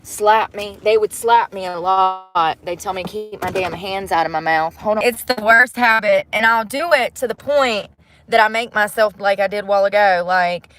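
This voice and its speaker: A woman's voice: mid-range voice, normal speed, a bit bright. A woman chatting casually and candidly to her viewers from inside a truck, rambling and cursing freely. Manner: candid, rambling, salty language. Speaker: vlogger. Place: inside a truck at a gas station.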